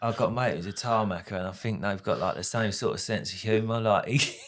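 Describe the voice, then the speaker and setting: A man hosting a podcast, chatting casually in a relaxed, laid-back way. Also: on the low side, fast talker, noisy background. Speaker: podcast host. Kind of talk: casual chat.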